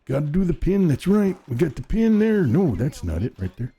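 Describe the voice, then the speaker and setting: An over-the-top, hyped-up pro wrestler growling every word, as a man does the voice. The tone is husky and the pitch swings widely. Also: very animated, moderate pace, warm tone, heavily acted.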